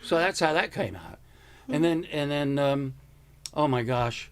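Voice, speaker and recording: A man's voice: a little high, measured pace, smooth. An American man in his seventies, a comedian guest telling stories in a casual interview and slipping into impressions of people he knew. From United States. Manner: animated storyteller who slips into impressions.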